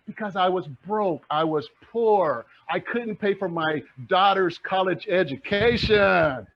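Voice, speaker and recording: A man's voice: high-pitched, slow, a little hiss or hum. A middle-aged man giving a fiery, passionate real estate presentation, repeating lines for emphasis. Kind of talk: energetic motivational talk. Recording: dull lo-fi recording.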